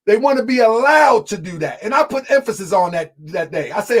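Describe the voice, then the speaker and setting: Debater: a man with a strikingly high voice, shouts his points and hammers them home with repeats. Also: lively intonation, fairly quick. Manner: emphatic, often shouting, repeats lines for effect; addresses the audience as family. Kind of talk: heated live debate.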